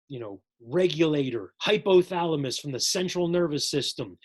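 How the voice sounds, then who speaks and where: A man teaching a psychology lesson in a casual, jokey recorded lecture, addressing his viewers as folks. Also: a little high.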